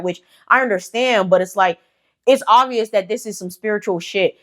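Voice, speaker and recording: Young woman, casual storytime vlog, chatty, curses freely, lots of fillers, mid-pitched voice. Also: a little fast. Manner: chatty, swears freely, fillers like "you know". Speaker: storytime channel host.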